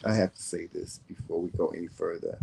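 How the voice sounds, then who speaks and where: A man's voice: low voice, steady tone, brisk, vocal fry, dark tone, a little hiss or hum, poor audio. A man from the American South with a faded Southern accent, chatting casually as co-host and full of fillers and restarts. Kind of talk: casual chat.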